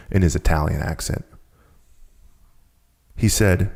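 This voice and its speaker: Man, very deep voice, gravelly, podcast guest, animated storytelling, acts out quotes. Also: unhurried, pauses often. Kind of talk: storytelling conversation.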